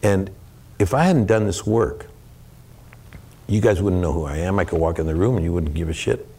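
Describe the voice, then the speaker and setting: Deep gravelly-voiced man talking earnestly. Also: normal speed, warm tone, slight background noise. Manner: earnest, mixes in laughs and acted-out quotes. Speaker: guest actor giving advice to students. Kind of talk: candid talk to an audience. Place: room with a live audience.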